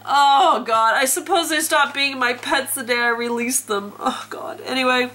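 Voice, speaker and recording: A woman's voice: sits high, unhurried, sharp tone. A woman vlogging in a chatty, self-mocking way and laughing often, talking from outdoors and from inside a parked car. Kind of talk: casual storytelling vlog.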